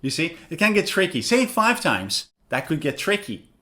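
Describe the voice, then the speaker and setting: Man, english teacher, high voice, lively swoops, clear deliberate explaining. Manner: clear, deliberate, demonstrates words slowly. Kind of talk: online lesson explanation.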